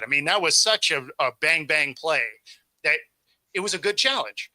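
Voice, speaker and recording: A man's voice: fairly high pitch, expressive, a little fast, sharp tone, low-quality recording. A man co-hosting a casual sports talk stream, laughing easily and explaining plays at length. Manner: laid-back, laughs easily, talks in run-on explanations. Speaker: sports show co-host.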